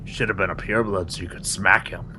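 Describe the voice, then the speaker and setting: A co-host of a casual gaming podcast, joking and teasing with quick laughs. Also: sits low, fairly even intonation, background noise.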